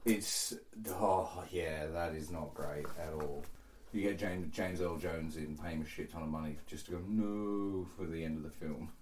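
A man's voice: rumbling low, steady tone, moderate pace, darkish tone, recorded from a distance, a little hiss or hum. A man co-hosting a podcast, chatting casually with a lot of laughing and swearing. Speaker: podcast co-host. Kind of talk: casual chat. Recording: echoey room, off-mic.

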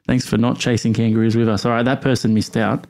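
A man's voice: medium pitch, vocal fry, darkish tone, slight background noise. An Australian man hosting a podcast call-in show in a laid-back, joking way, calling people "mate". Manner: laid-back, jokey, says "mate" a lot. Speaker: podcast host. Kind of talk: casual chat.

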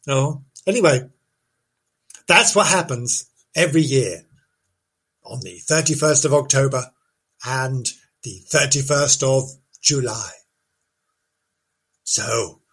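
A man's voice: fairly high pitch, measured pace, long pauses, fairly bright tone, slightly rough. A man hosting, telling a folk tale as a comic monologue, full of rambling self-interruptions and silly asides. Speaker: host.

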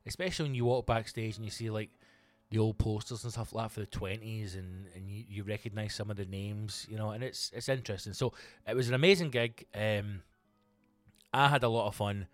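A man's voice: fairly low pitch, steady tone, brisk, no echo, soft background music. A Scottish man, a comedian, chatting on his own podcast in a rambling, sweary way with lots of restarts. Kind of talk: casual solo podcast chat.

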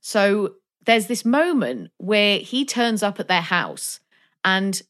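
A woman, co-hosting a casual film discussion, lively and acting out her reactions. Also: mid-range voice, slow. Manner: animated, acts out reactions in quoted asides. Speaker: podcast co-host.

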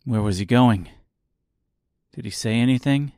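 A man's voice: mid-range voice, unhurried, darkish tone, no room sound, studio quality, lightly acted. A man reading the lines of a determined, angry young woman who presses with terse questions, in an audiobook. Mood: demanding. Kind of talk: audiobook character voice.

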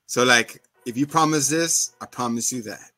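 Bright-voiced man recapping a show. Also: mid-range voice, moderate pace, soft background music. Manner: animated retelling, acting out characters' lines. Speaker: podcast co-host. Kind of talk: casual recap chat.

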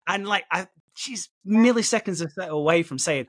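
A man hosting a casual podcast chat, animated, laughing and swearing freely. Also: on the high side, normal speed, hardly any pauses, dry recording, clean studio sound. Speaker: podcast host. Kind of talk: casual chat recapping a soap episode.

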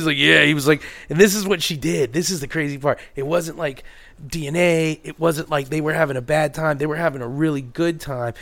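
A man trading stories on a casual podcast, his voice a touch high with a gravelly edge. He tells stories animatedly, dropping to quiet murmurs when things turn serious. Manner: animated storyteller, drops to low quiet tones for serious parts. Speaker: podcast co-host. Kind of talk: casual profane storytelling chat.

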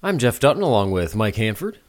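A man's voice: on the low side, big pitch swings, fairly quick. A man hosting a comedy drinks podcast, teasing his co-hosts with dry jokes and frequent laughter. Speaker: podcast host. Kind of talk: casual comedic banter.

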